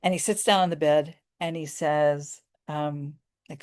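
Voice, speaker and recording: A woman's voice: low-pitched, fairly even intonation, unhurried, darkish tone. A middle-aged woman from the United States telling a personal story in an earnest, emotional way. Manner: earnest and emotional, many restarts.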